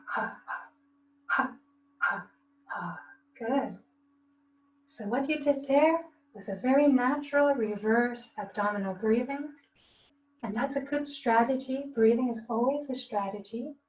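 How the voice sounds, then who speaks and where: Woman instructor guiding a breathing lesson, roomy. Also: on the high side. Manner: calm, coaching, demonstrates gasps and laughs. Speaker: tai chi instructor. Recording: roomy, distant, dull, faint hiss.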